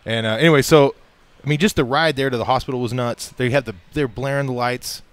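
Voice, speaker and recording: An American man telling a long story as a radio show guest, animated and laughing often as he acts out the voices of people in it. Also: mid-range voice, fast talker, clear, resonant tone, no echo. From United States. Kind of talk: casual storytelling.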